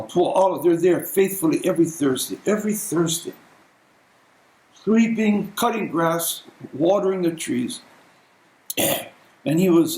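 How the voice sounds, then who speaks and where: A man preaching a sermon as a pastor, telling stories conversationally and clearing his throat often. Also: sits high, a little mellow, reverberant, poor audio.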